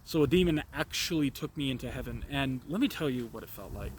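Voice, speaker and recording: A man's voice: mid-range voice, animated, fast, slight background noise. A man telling a personal story in an improvised monologue, rambling and profane with stammered restarts. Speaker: vlogger.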